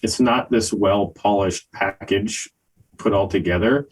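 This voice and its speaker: An older man co-hosting a music review podcast, talking in a casual, hesitant way with many pauses and fillers. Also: on the low side, rough recording. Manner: slow, hesitant, many ums and uhs. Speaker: podcast co-host reviewing albums. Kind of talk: casual chat.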